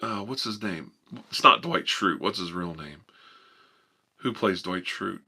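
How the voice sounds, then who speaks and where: A man hosting a live ASMR stream, chatting softly and playfully with viewers and rambling. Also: low voice, animated, unhurried, husky.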